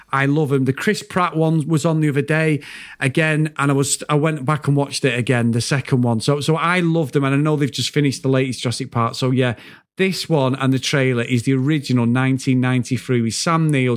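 A man co-hosting a movie podcast in casual chat, laughing and swearing freely. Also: medium pitch. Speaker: podcast co-host.

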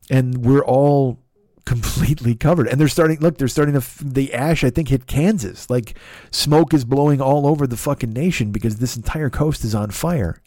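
A man's voice: mid-range voice, warm tone, dry recording, studio quality. A man hosting a podcast, delivering a profane comedic rant with a raw throat. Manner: swears constantly, ranting and sarcastic. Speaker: podcast host.

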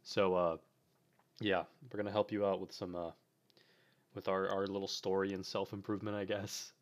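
A young man with a very low voice co-hosts a casual live podcast. He talks loosely, rambling with fillers and trailing thoughts. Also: level tone, normal speed. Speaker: podcast co-host.

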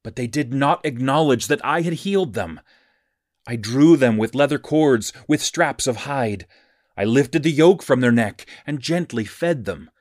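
A man giving a measured, scripted reading of Bible passages. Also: mid-range voice, no echo, clean studio sound. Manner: measured, even reading cadence. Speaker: scripture reader.

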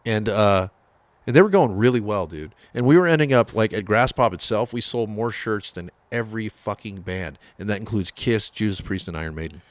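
A man from the San Francisco Bay Area, a metal guitarist telling his band's story in a casual, profane, animated way, acting out what people said. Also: lowish voice, a little fast, no room sound. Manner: profane, animated storyteller, acts out quoted voices.

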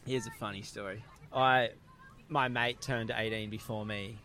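A young Australian man hosting a podcast, telling stories in lively casual chat with frequent laughter. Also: lowish voice, unhurried, a little hiss or hum. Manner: animated storyteller, laughing often. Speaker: podcast host.

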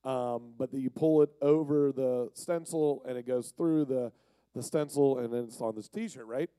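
A man's voice: medium pitch, moderate pace, dark tone, clean tone, no room sound. A man from Pennsylvania giving a casual, jokey, rambling storytelling sermon. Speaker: youth speaker.

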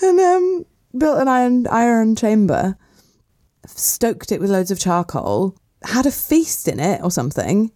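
A woman's voice: on the high side, big pitch swings, a little slow, dark tone. A young Welsh woman comedian, chatty and often laughing, retelling a myth for comic effect in a podcast studio. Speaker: comedian guest.

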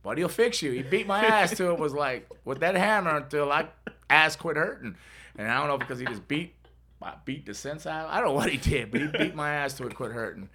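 A man's voice: a little high, lively intonation, brisk, sharp tone. A middle-aged man hosting a podcast, telling a rambling story with laughs and acted-out voices. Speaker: podcast host. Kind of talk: casual storytelling.

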